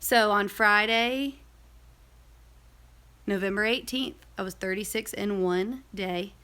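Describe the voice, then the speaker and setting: A woman's voice: mid-range voice, slow, bright, forceful tone, smooth. A young woman telling a personal story in a casual, rambling vlog, full of fillers and asides. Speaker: vlogger.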